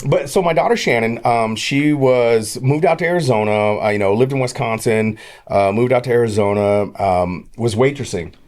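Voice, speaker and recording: A man's voice: mid-range voice, normal speed. A middle-aged man, a podcast guest, telling long casual stories and acting out quoted conversations. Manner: rambling, animated storyteller who acts out quoted dialogue. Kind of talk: casual storytelling.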